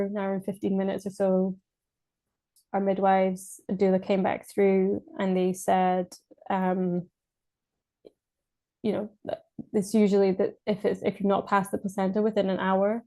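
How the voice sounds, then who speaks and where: A woman's voice: mid-range voice, a little mellow. A Scottish woman from Scotland, a podcast guest, telling her birth story in casual speech, hesitant with many fillers and restarts and frequent laughs.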